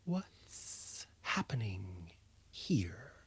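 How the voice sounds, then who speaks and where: A man voicing a composed, imposing female kobold matriarch in a hushed, breathy whispered role-play, speaking in a measured, deliberate way. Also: mid-range voice, sing-song, dry recording, heavily acted. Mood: concerned.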